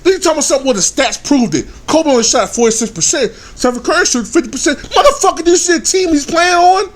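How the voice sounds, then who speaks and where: A man in his thirties with a high voice that leaps all over the place as he rants. He swears constantly and bursts into angry shouts. This is a fired-up, unscripted vlog tirade. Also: expressive, fast. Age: 30s. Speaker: sports vlogger. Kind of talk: heated profane rant.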